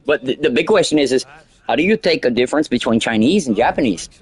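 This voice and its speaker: A man's voice: mid-range voice, lively intonation, quick pace, breathy edge. Rambling male streamer. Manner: rambling, lots of fillers and crude jokes. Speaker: game streamer. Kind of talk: casual livestream chat.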